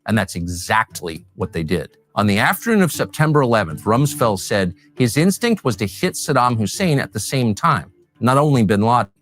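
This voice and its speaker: Animated male narrator with a pitch that moves freely, reading a scripted documentary over a faint bed of music. His delivery is measured and pointed, landing each claim firmly.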